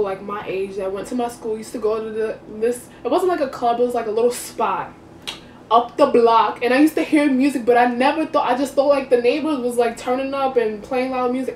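A young woman telling a casual storytime, slangy and animated, acting out her own reactions. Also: on the high side, slight background noise. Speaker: vlogger. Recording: echoey room, far from the mic.

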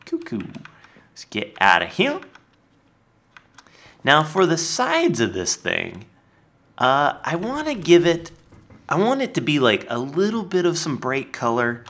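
A man casually commenting on his building as he plays a game, chatty and lively. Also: medium pitch. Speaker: Minecraft let's player.

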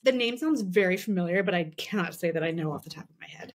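A woman's voice: on the low side, expressive, quick pace. Chatty woman podcast co-host. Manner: chatty, many "like" fillers. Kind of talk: casual chat.

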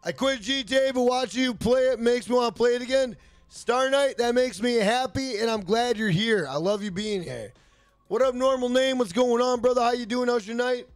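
A man's voice: very high voice, normal speed, no echo. A man streaming a video game live, hyped and profane, greeting and thanking chat members. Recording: faint music behind.

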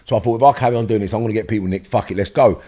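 A man's voice: fairly low pitch, racing, dark tone. Blunt, swearing London man telling a story. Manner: blunt, swears freely, acts out heated dialogue. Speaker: interview guest. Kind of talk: storytelling in a podcast interview.

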